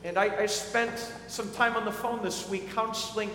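A man's voice: high voice, steady tone, moderate pace, sharp tone, a little hiss or hum. A man preaching a sermon as a pastor, earnest and often repeating words as he starts a thought. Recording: echoey hall with faint ambience.

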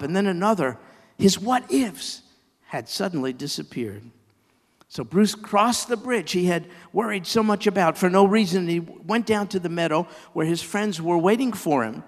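A man preaching, reading a children's story with animated delivery and side remarks to his listeners. His voice sits on the higher side, and it carries a long reverb.

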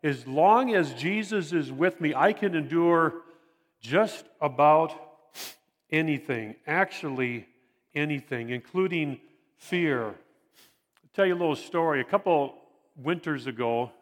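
An older man preaching a sermon in an earnest, halting way, often repeating phrases for emphasis. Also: on the high side. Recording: long reverb of a large hall.

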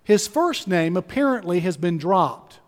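Male pastor, emphatic sermon storytelling, high voice, long hall reverb. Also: big pitch swings, measured pace. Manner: emphatic storytelling, repeats key phrases.

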